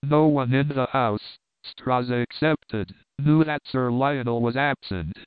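A curt investigator speaks in short, urgent bursts, as a man reads his lines. The voice is smooth and clear at a middle pitch. The recording is dry and tinny, like a phone line. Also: takes it slowly, dry recording, close to an everyday voice. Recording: dry, tinny narrow-band audio.

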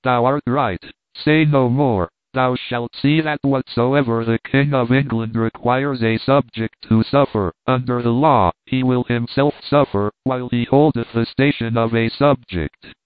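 A man's voice: medium pitch, fairly even intonation, a little slow, few pauses, dry recording, natural voice. A man reading a storybook, voicing a proud young king who speaks in a solemn, regal way. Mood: resolute. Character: proud boy king, dignified and resolute. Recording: tinny phone-like line, dry.

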